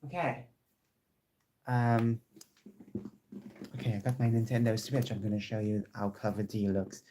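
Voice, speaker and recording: A man talking casually to his viewers from home in a chatty, excitable way, often restarting his sentences. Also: lowish voice, a little slow, background noise. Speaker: vlogger. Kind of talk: casual chat to camera. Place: home room with squeaky chairs.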